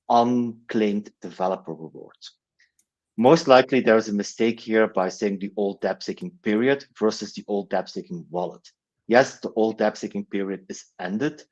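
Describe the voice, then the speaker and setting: A man's voice: lowish voice, a little mellow. Earnest man explaining, dull lo-fi audio. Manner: explanatory, earnest, repeats words when restarting. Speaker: foundation head answering community questions. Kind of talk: livestream community call.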